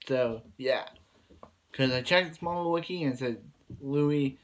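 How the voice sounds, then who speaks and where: This TV episode reviewer has a medium-pitched voice and a moderate pace. He goes over the episode casually and in a rambling way, restarting often and retelling scenes with "he's like."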